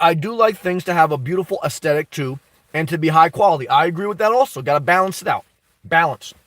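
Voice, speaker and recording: Answering his live chat on YouTube, the host keeps driving his points home with repetition and breaking into laughter. The high-pitched, slightly bright voice comes through a distant mic without echo.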